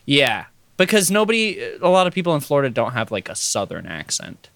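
An American man talking through his thoughts in a relaxed podcast chat, hedging with fillers as he goes. His pitch sits mid-range and moves a lot. The mic sound is dry and close. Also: fairly quick, vocal fry, no room sound. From United States. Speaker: podcast co-host. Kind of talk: casual chat.

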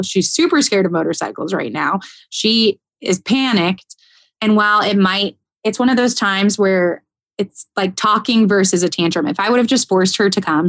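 A woman in casual podcast conversation, telling a story in an animated way and laughing often. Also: on the low side, no room sound. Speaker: caregiver.

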